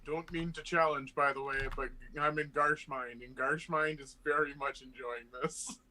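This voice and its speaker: A man's voice: a little high, fairly even intonation, normal speed, bright, forceful tone. A man playing a tabletop game who rolls dice aloud and gleefully describes his character's attacks in vivid detail. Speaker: player.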